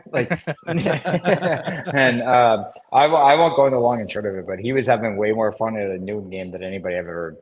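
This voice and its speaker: A man's voice: fairly low pitch, moderate pace. A man in his thirties who co-hosts a casual sports chat show, telling stories about his playing days with lots of laughter. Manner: laughing storyteller, animated anecdotes. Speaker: co-host, former player.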